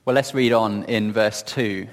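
A man giving reflective Bible teaching in a gentle, earnest storytelling manner, often asking questions of his listeners. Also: on the low side, unhurried, in a large hall. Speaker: preacher.

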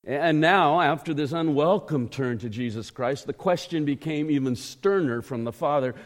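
A man preaching a sermon in a church, emphatic and measured, asking the congregation rhetorical questions. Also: on the high side. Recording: echoey hall.

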